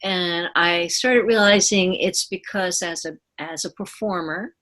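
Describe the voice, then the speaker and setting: A woman in her seventies, a former ballerina, telling her story in an interview with earnest, unhurried speech and thoughtful pauses. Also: on the low side, a bit bright. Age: 70s.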